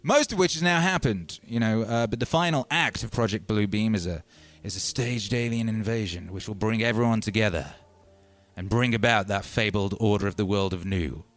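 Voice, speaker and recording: A man hosting a casual livestream, talking animatedly and swinging from loud shouts to low mutters. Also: moderate pace. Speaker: livestream host and musician.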